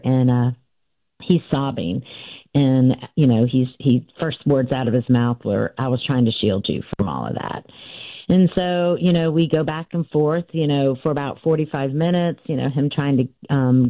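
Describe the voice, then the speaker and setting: A woman's voice: deep voice, dry recording. A woman in her sixties, an author guest, telling her family story in a conversational way, with many fillers and restarts as she recounts events. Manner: recounts events with frequent fillers and restarts, acting out quoted voices. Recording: tinny phone-line sound.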